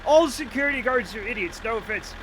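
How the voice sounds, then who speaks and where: Very high, bright-voiced joking man. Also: expressive, a little fast, a little hiss or hum, rough recording. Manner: joking, swearing, laughing often. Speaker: game streamer. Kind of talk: casual livestream commentary.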